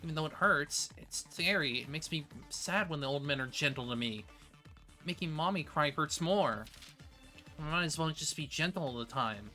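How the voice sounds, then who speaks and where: A streamer reading aloud as an anxious child afraid of making its mother cry, in a plain, even delivery. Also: medium pitch, moderate pace, soft background music.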